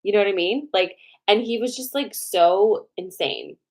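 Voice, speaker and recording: A woman host telling a personal story to viewers in a casual, animated way, with a lot of swearing and "like" fillers. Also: mid-range voice, moderate pace.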